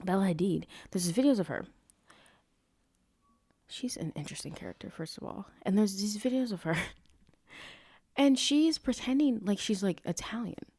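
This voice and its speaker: Speaking at normal speed with long pauses, a young woman podcast host chats from home as street traffic passes nearby. Her medium-pitched voice is animated, darkish and slightly rough, with no room sound, as she rambles, swears and gets easily sidetracked.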